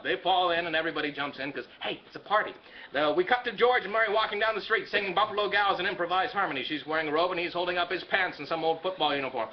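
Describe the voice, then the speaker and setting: A man casually retelling a film for laughs, with quick asides. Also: fairly high pitch, highs cut off, slight background noise. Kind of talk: comic live film retelling.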